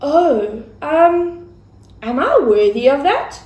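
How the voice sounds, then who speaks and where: A woman voicing Mary, a humble young woman, in a high eager voice full of anxious questions. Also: big pitch swings, slow pace, a little mellow, exaggerated voice. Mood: worried. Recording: roomy echo.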